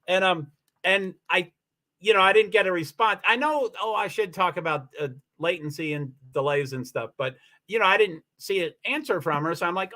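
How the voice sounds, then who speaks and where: High, bright-voiced man rambling on a livestream. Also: a little fast. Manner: rambling, chatty, with many fillers and restarts. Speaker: livestream host. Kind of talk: casual livestream chat.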